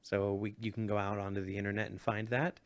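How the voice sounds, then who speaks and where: A man's voice: fairly low pitch, flat delivery. Eager, joking young man. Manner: eager, joking, quick to laugh. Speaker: podcast co-host. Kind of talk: casual chat.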